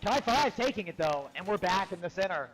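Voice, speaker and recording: A young man provides color commentary in a high voice, breaking down plays in a relaxed, joking way. Faint background noise runs under his voice. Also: a little fast, rough recording. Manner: relaxed, jokey analysis.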